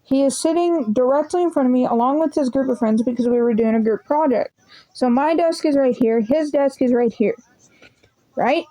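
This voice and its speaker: High, mellow-voiced young woman telling a storytime. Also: rough recording. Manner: swearing, rambling, animated retelling. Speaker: vlogger. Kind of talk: casual storytime vlog.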